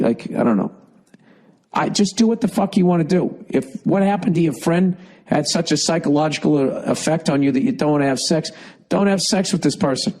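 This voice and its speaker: On a rough recording, a man whose voice sits on the high side with a darkish tone hosts a podcast. Fighting off a cough, he reads a listener's email and launches into a profane, blunt, rambling comedic rant in a Boston accent.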